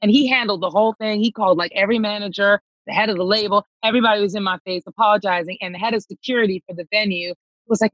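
Animated woman reliving a story, acts out the voices, bit husky, dull dry sound. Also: medium pitch, quick pace, no echo. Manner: emphatic, reenacts dialogue, calls listener girl. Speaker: touring singer.

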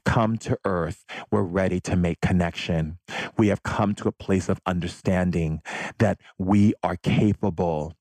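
A man's voice: low voice, darkish tone, no echo. A man hosting a podcast, giving an effusive, affectionate spiritual monologue. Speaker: podcast host.

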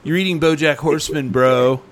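A man's voice: fairly high pitch, normal speed. Joking man hosting a live show. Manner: joking, does goofy voices. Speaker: podcast host. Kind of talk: casual live-stream chat.

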